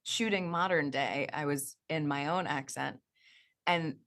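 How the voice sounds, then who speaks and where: Low-voiced enthusiastic woman, actress guest. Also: unhurried. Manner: animated, enthusiastic. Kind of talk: interview answers.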